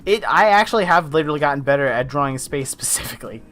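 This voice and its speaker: A man's voice: fairly high pitch, lively intonation, fast, fairly bright tone. A man streaming himself drawing, chatting casually as he works, rambling and often correcting himself mid-sentence. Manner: rambling, self-correcting, laid-back. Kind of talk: casual chat while drawing. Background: faint lo-fi music.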